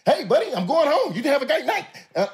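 A man's voice: extremely high pitch, big pitch swings, brisk, a little hiss or hum, voice pushed up. A man putting on the voice of a relentlessly cheerful male football coach, chipper, singsong and overly friendly. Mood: cheery.

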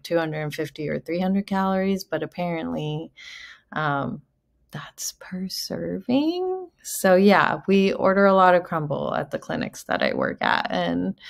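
Slow-talking woman vlogger, low voice. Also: creaky. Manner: chatty, many fillers and asides. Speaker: veterinarian and channel host. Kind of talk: casual talk to camera.

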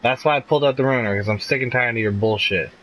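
On a rough recording, this streamer talks fast in a fairly bright, mid-pitched voice while playing a game. His casual chatter turns frustrated and profane, punctuated by laughing outbursts.

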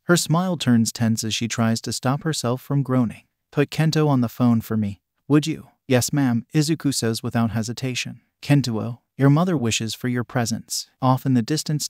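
A man reading a fan story aloud in an even, unvarying way, voicing emoji and symbols as words. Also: medium pitch, no room sound, studio quality. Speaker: narrator.

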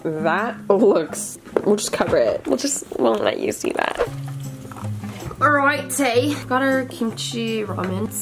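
A woman's voice: a little high, big pitch swings, slow, vocal fry. A young woman chatting casually in a food-tasting vlog, blunt and joking, swearing lightly. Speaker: vlogger. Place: hotel room. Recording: background music. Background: background music.

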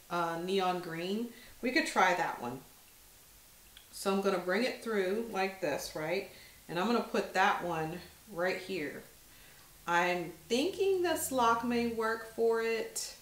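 A woman talks through her handmade jewelry in a relaxed demonstration, chatty and unhurried, filling pauses with ums while her hands are busy. Her voice sits at an ordinary middle pitch. The recording has a roomy echo around it. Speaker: jewelry maker showing her own designs. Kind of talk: casual product demonstration.

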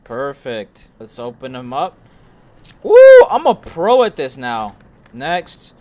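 A young man streaming a horror game, joking and swearing to his chat as he plays, and shouting when something startles him. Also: medium pitch, sing-song, takes it slowly, a little hiss or hum. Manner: joking, profane, talks to himself. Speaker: gaming streamer. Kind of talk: let's play commentary to chat.

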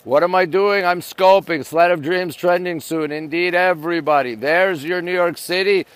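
A man's voice: sits high, moderate pace, smooth, no echo. Upbeat Canadian-born man live-streaming. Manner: upbeat, greets viewers one after another. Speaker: livestream host. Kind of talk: live-stream chat reading viewer comments. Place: rooftop deck in the city, outdoors at night. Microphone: phone held at arm's length.

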